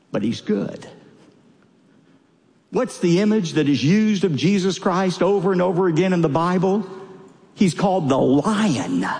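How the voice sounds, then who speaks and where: A man delivers a sermon in a fairly high voice that swings widely between peaks and drops. His preaching is emphatic, pressing key words upward. A long reverb trails his words. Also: a little mellow. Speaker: pastor.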